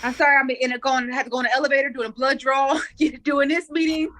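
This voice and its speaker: A woman on a video call, tearful and gushing with thanks, talking fast in bursts. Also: sits high, steady tone, a bit bright, slight background noise. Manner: effusive and gushing. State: tearful, fighting back tears. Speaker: workshop participant.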